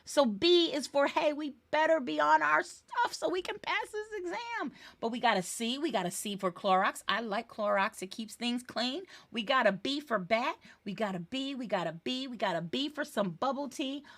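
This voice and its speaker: Playful, high-voiced woman tutor. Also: lively intonation, moderate pace, hardly any pauses, fairly bright tone, no room sound. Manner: playful, chatty, sings snippets and cheers. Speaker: real estate exam tutor. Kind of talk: live webinar teaching.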